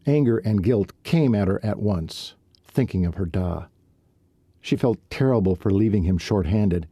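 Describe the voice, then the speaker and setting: A man narrating a romance novel as an audiobook, in calm, even storytelling. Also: on the low side, no room sound, clean studio sound.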